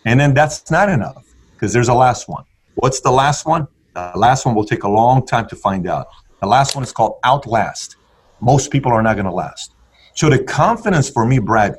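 A man's voice: medium pitch, animated, normal speed, husky. A man telling his story in conversation with an intense, punchy motivational delivery. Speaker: guest entrepreneur.

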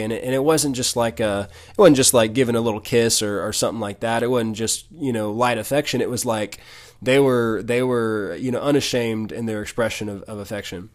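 A man teaching from the Bible in an earnest, conversational way, often restarting and repeating words. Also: mid-range voice. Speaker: podcast preacher.

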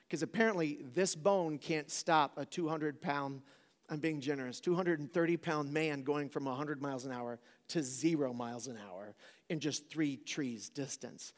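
With a voice on the high side and a long reverb tail, this man in his forties is a preacher sharing a humorous personal story before a live crowd. He keeps it casual and jokey, frequently throwing questions to the audience.

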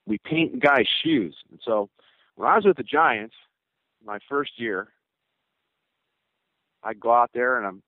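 A man's voice: medium pitch, animated, measured pace, long pauses, no echo. Older man rambling over a tinny phone. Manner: rambling, joking, laughs through his stories. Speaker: former pro baseball player as guest. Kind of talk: casual storytelling interview. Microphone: cell phone. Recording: tinny phone line, dry.

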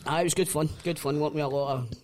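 A man's voice: a little high, steady tone, quick pace, slight background noise. A Scottish man co-hosting a podcast, chatting wryly with swearing banter. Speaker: podcast co-host. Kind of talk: casual chat.

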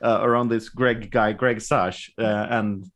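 A man chatting casually on a podcast, telling a story with frequent restarts and quick laughs. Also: fairly low pitch, steady tone, a bit bright. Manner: halting, many restarts, laughs often. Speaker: podcast guest. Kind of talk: casual chat.

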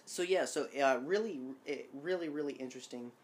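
A man's voice: on the high side, a little fast. A man co-hosting a casual podcast chat, rambling and self-amused, with many fillers and restarts. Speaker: podcast co-host.

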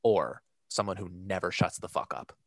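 A man's voice: sits low, animated, moderate pace, creaky, dry recording, studio quality. A young man co-hosting a casual podcast, asking questions in a laid-back, teasing way and swearing casually. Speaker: podcast co-host.

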